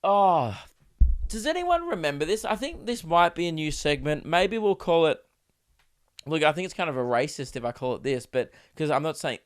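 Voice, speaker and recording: Rambling Australian man, slightly high voice. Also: very animated, normal speed. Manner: rambling, self-interrupting, swears freely, acts out quoted voices. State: sick, coughing. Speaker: podcast host. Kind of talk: casual solo podcast rant.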